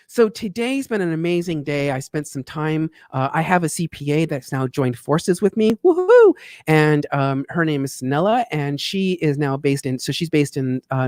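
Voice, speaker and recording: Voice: medium pitch, no room sound, clean studio sound. A tax consultant hosting a live talk show, chatting playfully and affectionately with viewers. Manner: animated, swings in loudness and speed. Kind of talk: casual livestream monologue.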